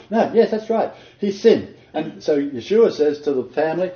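A man's voice: fairly high pitch, expressive, normal speed, few pauses. A man leading an interactive Bible study, quizzing his group and laughing often. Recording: roomy dull lo-fi recording.

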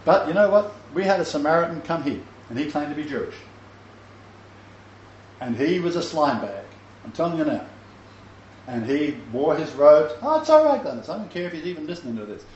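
An older man teaches a Messianic Bible study, rambling in a chatty, story-driven way full of fillers. His fairly high, darkish voice is animated and brisk, with frequent pauses. The room recording is echoey and slightly dull, with faint ambience and a little hiss or hum.

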